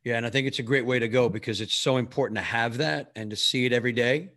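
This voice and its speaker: A man's voice: mid-range voice, quick pace. Encouraging male podcast host. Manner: warm, encouraging, lots of "man" and "you know". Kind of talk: casual podcast interview.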